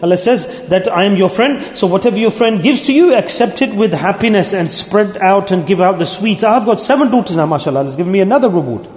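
Male preacher, high register, earnest and imploring, repeats his points; mosque hall, reverberant and roomy. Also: lively intonation, quick pace, hardly any pauses, darkish tone. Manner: earnest, pleading, repetitive exhortation. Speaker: Sufi religious teacher leading dhikr gatherings. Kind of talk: sermon. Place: mosque gathering. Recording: roomy hall with long echo.

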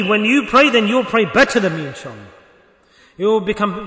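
A man preaching a lesson as a Sufi teacher, lively and acting out little dialogues, sometimes rising to a shout. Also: sits high, fairly quick, roomy sound, big-room sound. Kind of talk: sermon.

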